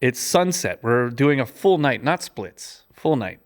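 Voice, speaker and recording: Animated man telling a story. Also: unhurried. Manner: animated, acts out quotes with big pitch jumps; chatty, many fillers and restarts. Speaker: podcast guest, gaffer and cinematographer. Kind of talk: casual storytelling.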